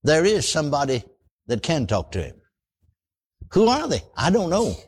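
An older man preaching a radio sermon in a folksy, animated way, calling for amens. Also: on the high side, normal speed, husky.

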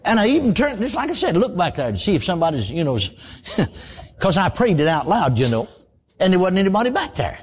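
A man's voice: high voice, big pitch swings, brisk, slight background noise. An older man, preaching a sermon in a folksy, conversational storytelling way, full of asides and repeated words.

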